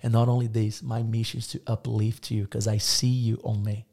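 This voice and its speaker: A man with a gravelly, dark, mellow voice talks as a podcast guest. He is effusive and encouraging, piling up lists one item after another. His English phrasing is slightly non-native. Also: on the low side, little pitch movement, moderate pace. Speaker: podcast guest, business owner. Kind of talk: casual podcast conversation.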